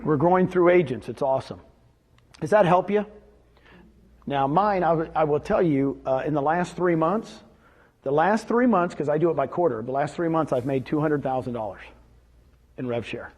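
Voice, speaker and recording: A middle-aged man speaks at normal speed in a rather high, husky, slightly mellow voice. As a seminar speaker before a live audience, he keeps the energy up in his motivational sales talk, firing rhetorical questions at the room.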